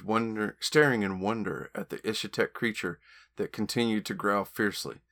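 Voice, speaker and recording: A man, an author and podcast host, reading his own novel aloud with steady storytelling. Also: fairly low pitch. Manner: steady storytelling with occasional stumbles.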